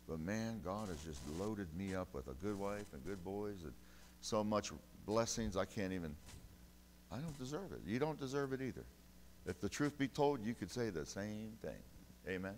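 A male pastor preaching a sermon, folksy and emphatic, with sudden loud bursts between quieter, conversational stretches. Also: lowish voice, animated, normal speed, long reverb tail, slight background noise. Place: church sanctuary.

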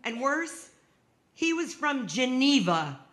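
Slow-paced woman telling a wry story. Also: high-pitched, very animated, fairly bright tone. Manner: wry, comic timing with emphatic punchlines. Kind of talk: live personal storytelling on stage.

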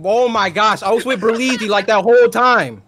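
A man's voice: sits high, moderate pace, a crowd in the background. A man in a group game protesting that he is innocent, exasperated and defensive.

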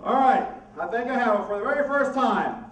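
This comedy mentalist host works a live theater audience, bantering cheerfully with people while doing his mind-reading act. He speaks fairly quickly in a very high-pitched, expressive voice, and the clip is very noisy, captured from a distance with a roomy stage sound.

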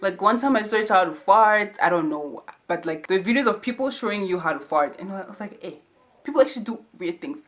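Doing her makeup on camera, a young woman keeps up a chatty, jokey get-to-know-me conversation, slipping into playful voices and asides. She speaks briskly with hardly any pauses, in an expressive, mid-range, fairly bright voice.

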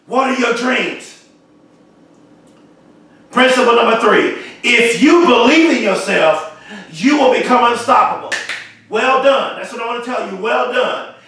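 A man's voice: very high-pitched, expressive, a little slow, pauses often, bright, forceful tone, slight background noise. A man giving a motivational speech in an emphatic, repetitive, preacher-like way. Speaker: motivational speaker. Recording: very echoey, from far off the mic.

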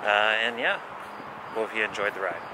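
A man's voice: on the low side, fairly even intonation, moderate pace. A man casually talking to camera as a travel vlogger at a train station, upbeat and chatty with his viewers. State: out of breath. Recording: outdoor noise, camera mic.

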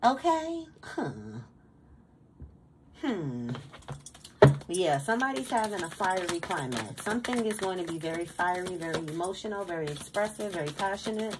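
A woman's voice: lowish voice, lively intonation, normal speed, noisy background. Profane, emphatic woman tarot reader. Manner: emphatic, profane and streetwise, with repeated stammered words; preachy motivational pep talk. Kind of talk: casual tarot reading to camera.

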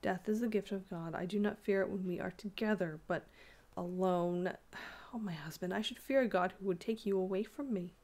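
A woman voicing a devoted young Breton wife in a ghost story read aloud, speaking softly and earnestly. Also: mid-range voice, normal speed, close to an everyday voice. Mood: tender.

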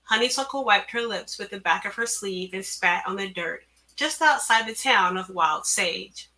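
A woman author reading her own story aloud, measured and careful, at an online event through a computer mic. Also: mid-range voice, bright, forceful tone. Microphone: computer mic on a video call.

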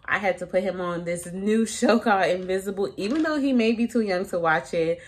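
A chatty woman vlogs casually as a teacher, with slangy asides and frequent laughs. Her pitch sits at a middle level for a woman. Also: a little fast. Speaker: elementary school teacher. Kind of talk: casual vlog.

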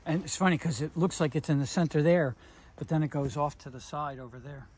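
A man's voice: fairly high pitch, steady tone, a little fast, a little mellow, husky. A man on a volunteer trail crew chatting casually as he explains a cut log and its rot, recorded outdoors on a forest trail. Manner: explains measurements and wood rot plainly. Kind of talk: casual chat while working.

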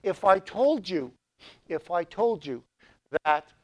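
A middle-aged man who grew up speaking Azerbaijani, teaching a college programming class in a lively, joking way and putting questions to the students. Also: high-pitched, slow pace. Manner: lively, asks the class questions, jokes around. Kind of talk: live classroom lecture.

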